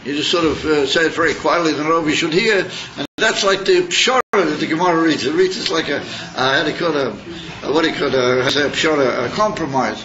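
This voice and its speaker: A man's voice: a little high, fast talker, pushed and bright, highs cut off, a little hiss or hum. A man teaching a Torah class in a chatty, searching way, mixing in Hebrew and Yiddish terms.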